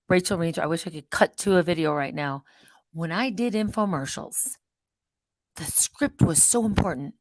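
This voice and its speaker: A middle-aged woman hosting her own vlog, talking in a mocking, sarcastic, animated way. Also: sits high, no echo, rough recording. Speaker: channel host.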